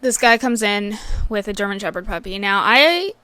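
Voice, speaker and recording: A woman podcast host venting about her workday in a loose, casual rant. She swears freely and talks at a middle pitch. Her voice sits dry and close, with almost no room sound. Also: animated, moderate pace, pushed and bright, clean tone, no room sound. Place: vet clinic worker telling work stories.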